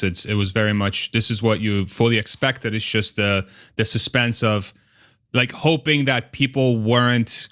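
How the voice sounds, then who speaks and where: An upbeat man hosts a casual live stream, quick to laugh and now and then stumbling over a word. His voice sits in an ordinary middle pitch. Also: fairly bright tone. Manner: upbeat, laughs often, trips over words.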